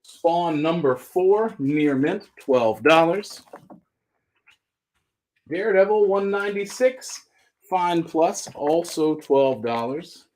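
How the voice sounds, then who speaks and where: Joking comic-sale host, raised voice. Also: male voice, on the high side, lively intonation, takes it slowly, darkish tone. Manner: joking, rambling asides between listings. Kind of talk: casual live-stream selling.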